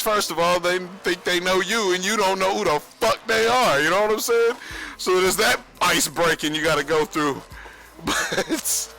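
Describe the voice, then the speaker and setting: A young man rambles on a livestream, swearing freely and boasting between bursts of laughter. His voice sits high and sounds bright and edgy. Faint music plays behind him. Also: gravelly, low-quality recording. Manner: profane, boastful, laughs often. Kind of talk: rambling casual stream monologue.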